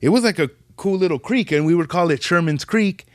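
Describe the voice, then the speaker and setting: A young man telling animated stories in casual podcast chat, full of profane slang. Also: a little fast, no echo, clean studio sound. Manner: animated, profane street slang, jumps pitch when quoting people. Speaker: podcast guest.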